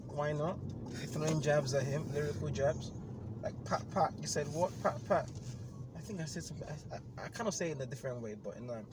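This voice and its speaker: A man hosting a casual chat, teasing and joking with quick laughs. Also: on the high side, background noise. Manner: teasing, jokey, laughs often. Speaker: podcast host. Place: inside a moving car.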